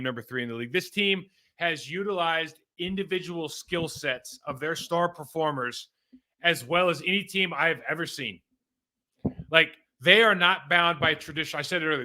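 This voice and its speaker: A middle-aged man from California, a former pro football player, talks casually and animatedly as he breaks down game film. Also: on the high side. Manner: conversational and animated, with fillers like "man" and "like".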